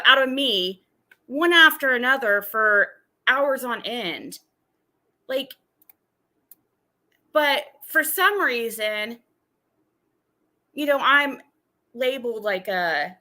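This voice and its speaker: A woman's voice: fairly high pitch, expressive, takes it slowly, long pauses, bright, forceful tone. A woman streamer giving drama commentary on a livestream, ranting in an exasperated, indignant way.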